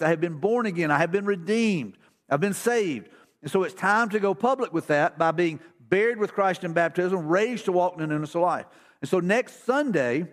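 A man preaching a casual, conversational sermon as pastor in a church, with folksy repetitions and restarts. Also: sits high. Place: church sanctuary.

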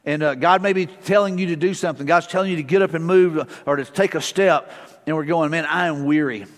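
A man's voice: on the high side, brisk. A middle-aged male pastor preaching a sermon in a church, casual and conversational, mixing family stories with repeated short prayers. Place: church sanctuary. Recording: long church-hall reverb.

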